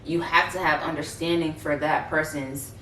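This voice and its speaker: Female co-host, very low pitch, earnest rambling chat, far from the mic in a roomy space. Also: fairly even intonation, moderate pace, pushed and bright. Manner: earnest, rambling, many fillers. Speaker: podcast co-host. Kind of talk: casual conversation. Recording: roomy, distant, faint noise.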